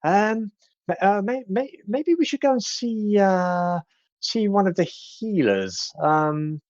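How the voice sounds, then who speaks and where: A man voicing a fussy, flustered woman who talks fast and stammers. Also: high voice, lively intonation, a little mellow, no room sound, muffled recording, pitched above the performer's own voice.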